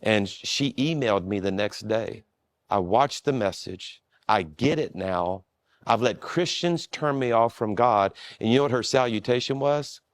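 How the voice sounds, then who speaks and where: Male pastor, conversational storyteller, slightly low voice, dry sound, easygoing and self-mocking. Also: a little slow, dry recording. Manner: relaxed, self-deprecating, with frequent restarts.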